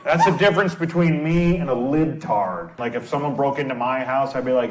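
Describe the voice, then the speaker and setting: A man's voice: medium pitch, fairly quick, recorded from a distance. A man doing stand-up comedy with blunt, teasing crowd work on a club stage. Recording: roomy club sound, faint noise.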